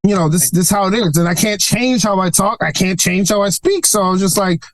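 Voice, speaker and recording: A man in his forties from Brooklyn, a podcast guest in casual interview chat, an animated storyteller who laughs often. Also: high voice, fairly quick, no room sound. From Brooklyn, New York.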